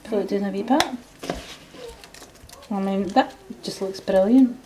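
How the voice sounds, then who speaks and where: A woman's voice: mid-range voice, unhurried, darkish tone. A Scottish woman chatting casually as she shows a recipe at home in her kitchen. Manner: chatty, homely, talks while working. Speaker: home vlogger.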